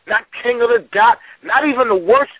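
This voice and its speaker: A man's voice: very high-pitched, moderate pace, sharp tone, breathy edge, dry recording, poor audio. A man, a battle rapper, in a heated radio argument, confrontational and stammering over his repeats.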